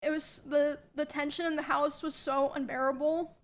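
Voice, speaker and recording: A woman quietly recounting a personal experience, subdued and hesitant with many pauses and ums. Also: high-pitched, level tone. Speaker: streamer telling a personal story. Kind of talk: soft-spoken personal account.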